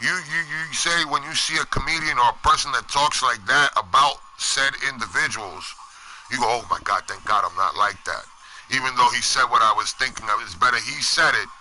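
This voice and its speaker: A man hosting an online show, ranting loudly in street slang, often shouting and swearing heavily. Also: on the high side, rough recording. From United States. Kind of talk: profane ranting commentary. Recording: noticeable background ambience noise.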